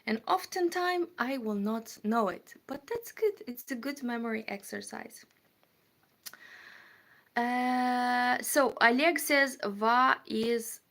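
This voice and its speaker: A woman hosts a relaxed livestream, reading viewer comments aloud and chatting back to them. Her voice sits a little high, and she takes her time over every phrase. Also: creaky. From Moldova. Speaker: livestream host. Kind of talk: casual live-stream chat.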